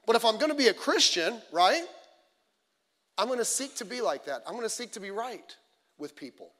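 A pastor preaching a midweek sermon in a conversational, animated way, acting out the quotes in his stories. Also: high-pitched, brisk. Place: church sanctuary. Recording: long reverb of a church hall.

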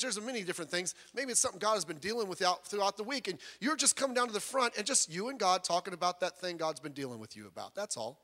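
High-voiced bright male preacher. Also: big-room sound. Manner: animated storytelling with jokes, rising to loud emphasis. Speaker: pastor. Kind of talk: sermon.

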